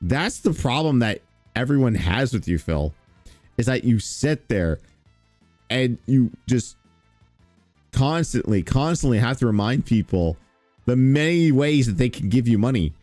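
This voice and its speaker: A man's voice: mid-range voice, animated, measured pace, darkish tone, no echo, soft background music. A man hosting reaction commentary, talking in a sarcastic, mocking, profane way. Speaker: streamer commentary host. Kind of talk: reaction commentary on stream clips.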